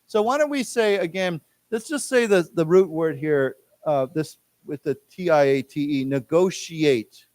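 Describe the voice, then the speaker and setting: A man teaching an English class, explaining words patiently and leading the group through slow repetitions. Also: on the high side, a little mellow, no echo. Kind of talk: classroom lecture. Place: library lecture room.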